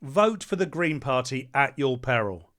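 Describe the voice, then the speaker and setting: A man's voice: mid-range voice, animated, measured pace, fairly bright tone. A man giving a ranting commentary, reading out points and then mocking them with sarcastic jabs and insults. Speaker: political commentator.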